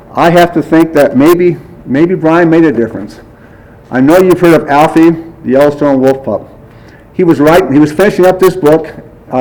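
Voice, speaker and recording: A man speaks at a memorial service through a podium mic, sharing stories about a friend. His voice sits a little high for a man. He chats easily, acts out the exchanges, and often breaks into a chuckle. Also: warm tone, poor audio. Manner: chatty storyteller who acts out dialogue and chuckles often. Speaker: friend giving a eulogy. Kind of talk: memorial speech, anecdotal storytelling.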